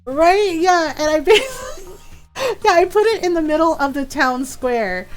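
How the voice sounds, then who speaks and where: A woman's voice: extremely high pitch, big pitch swings, normal speed. A woman streaming from home, chatting casually with viewers, greeting them by name and breaking into giggles as she talks. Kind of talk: casual live-stream chat. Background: faint background music.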